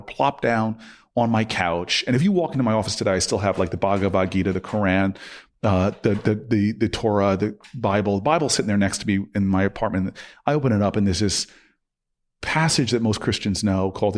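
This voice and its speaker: A man telling a story as a podcast guest, acting out quoted dialogue with sudden jumps up in pitch, and often restarting and repeating words. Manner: frequent restarts and stammered repeats. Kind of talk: animated storytelling in a podcast interview.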